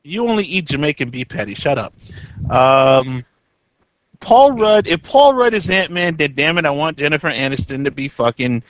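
A man's voice: fairly high pitch, big pitch swings, moderate pace, no echo, poor audio. A man co-hosting a podcast in casual chat, rambling, swearing casually and laughing often. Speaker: podcast co-host. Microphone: podcast mic.

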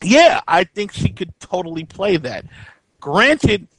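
A man's voice: sits high, big pitch swings, slow, fairly bright tone, dry recording, poor audio. A man co-hosting a podcast in casual chat, rambling, swearing casually and laughing often. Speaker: podcast co-host. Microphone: podcast mic.

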